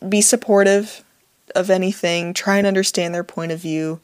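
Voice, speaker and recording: A woman's voice: fairly low pitch, steady tone, moderate pace, clear, resonant tone, dry recording, clean studio sound. A young woman co-hosting a casual couple's podcast, upbeat and talkative. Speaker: podcast co-host.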